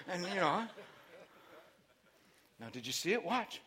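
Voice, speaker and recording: A man preaching a sermon, telling a story with lively buildups into shouting. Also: sits high, slow, long pauses.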